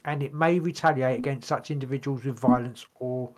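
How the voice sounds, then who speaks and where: A man's voice: mid-range voice, steady tone, a little fast, darkish tone. A man co-hosting a podcast, reading notes aloud in casual chat, stumbling over words and swearing casually. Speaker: podcast co-host.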